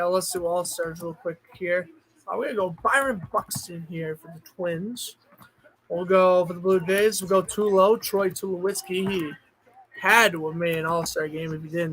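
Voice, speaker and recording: A male streamer with a notably high voice talks casually to his chat. He thinks out loud as he goes and now and then breaks into excited outbursts. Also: measured pace, slight background noise, low-quality recording. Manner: chatty, thinks aloud, bursts of excitement. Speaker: streamer host.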